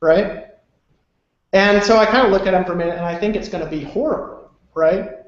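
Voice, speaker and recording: A man's voice: high voice, a little fast, roomy sound, muffled recording. A man presenting on a webinar, telling a motivational story in a loose, chatty way and often asking "right?" for agreement. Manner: loose and chatty with many fillers.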